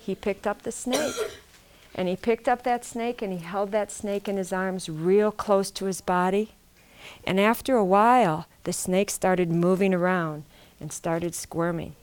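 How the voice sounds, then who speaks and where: A woman's voice: mid-range voice, steady tone, unhurried, a little hiss or hum. A woman telling a traditional story aloud, repeating phrases and asking her listeners questions. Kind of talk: oral storytelling to a live audience.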